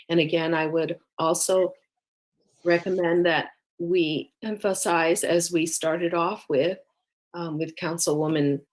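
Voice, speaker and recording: A woman serving as mayor pro tem, speaking in a measured, cautious way with many pauses at a council meeting. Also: low voice.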